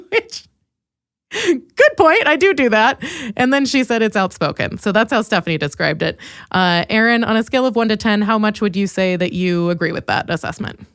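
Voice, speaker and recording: Woman podcast host, chatty and animated, laughs a lot, dry close recording. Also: fast talker, clean tone, no echo. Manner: animated storytelling, quoting others with big pitch jumps; laughs often. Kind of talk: casual podcast chat.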